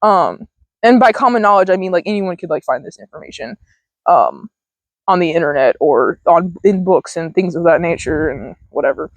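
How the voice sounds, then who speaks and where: A woman's voice: on the low side, lively intonation, normal speed, dry recording, rough recording. A young woman vlogging outdoors in a field, giving casual mindfulness advice in a chatty, rambling way with casual swearing, recorded on a handheld phone. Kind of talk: casual rambling self-help talk.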